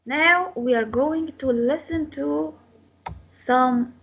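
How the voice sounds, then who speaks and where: A woman's voice: high-pitched, slow, gravelly, muffled recording. A woman teaching an English class, explaining step by step and repeating her instructions with many hesitations; her first language is Arabic.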